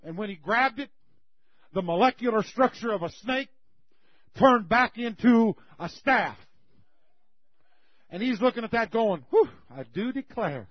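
A man preaching, retelling a Bible story in a folksy, animated way. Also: very high voice, a little slow, long pauses, no room sound. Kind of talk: sermon storytelling. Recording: slightly muffled recording.

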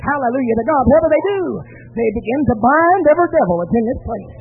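Fervent high-voiced preacher, tinny. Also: male voice, lively intonation, quick pace, husky. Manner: fervent, storytelling, exclaiming hallelujahs. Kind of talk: sermon. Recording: tinny lo-fi line with faint music.

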